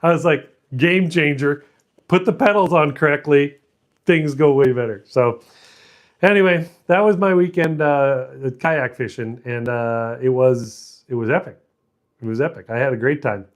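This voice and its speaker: In a casual storytelling monologue, a middle-aged channel host rambles and pokes fun at himself, laughing frequently and starting sentences over. He speaks at a measured pace in a fairly high-pitched voice.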